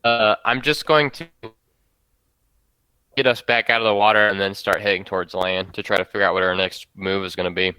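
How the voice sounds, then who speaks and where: A man's voice: on the low side, steady tone, brisk, pushed and bright, clear, resonant tone, no echo. A man playing in an online tabletop game, talking plainly about his character's next move. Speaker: player. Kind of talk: casual game talk over a voice call.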